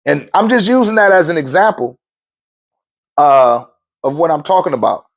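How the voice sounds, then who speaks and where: A man's voice: fairly high pitch, animated, normal speed, gravelly. A middle-aged man in a laid-back, slangy storytelling monologue, chuckling often. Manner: laid-back slang, frequent chuckles, acts out quoted voices. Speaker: spiritual talk show host.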